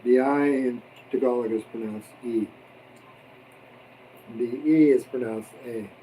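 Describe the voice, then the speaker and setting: A man's voice: medium pitch, fairly even intonation, normal speed, mellow, distant mic, a little hiss or hum, poor audio. A man hosting a casual mukbang livestream, chatting and joking while he eats. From abroad, expat. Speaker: livestream host. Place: home in the Philippines.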